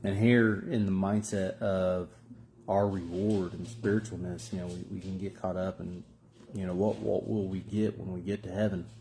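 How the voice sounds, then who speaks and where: A man's voice: deep voice, flat delivery, normal speed, background noise. A male preacher gives a short devotional Bible reading and reflection in a conversational way, with fillers and restarts.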